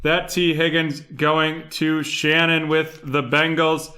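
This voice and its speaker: Young male host, bright clear voice, unhurried reading of a card break rundown. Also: fairly high pitch. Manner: rattles off names and buyers in a steady rundown.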